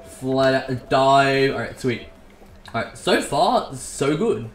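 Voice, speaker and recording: Slow-talking man narrating his gameplay. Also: medium pitch. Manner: excitable, swears and laughs, talks to himself. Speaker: gaming YouTuber. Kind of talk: casual gameplay commentary. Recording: echoey room with faint background hiss.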